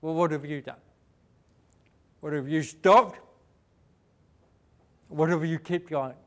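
Fast-talking New Zealand man, motivational speaker. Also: fairly high pitch, a bit bright. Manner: fast-talking, rising and falling for emphasis, asks the audience questions. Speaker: inspirational speaker. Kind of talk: motivational speech.

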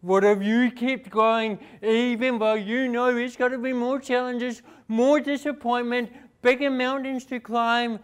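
A young man from New Zealand with a New Zealand accent, giving a fast, emphatic motivational talk and asking the audience questions. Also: sits high, smooth. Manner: fast-talking, rising and falling for emphasis, asks the audience questions. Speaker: inspirational speaker. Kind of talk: motivational speech.

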